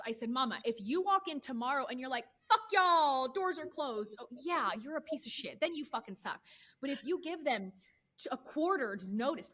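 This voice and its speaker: A woman's voice: a little high, a bit bright. A woman hosting a podcast, talking in a blunt, sassy way and calling people girl and mama. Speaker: podcast host. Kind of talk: casual podcast interview.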